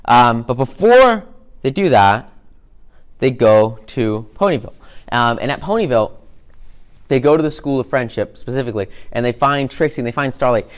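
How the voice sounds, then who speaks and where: A man casually retelling a cartoon plot in an excited, rambling way, full of fillers. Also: mid-range voice, moderate pace, clean tone. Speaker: presenter recapping a cartoon episode.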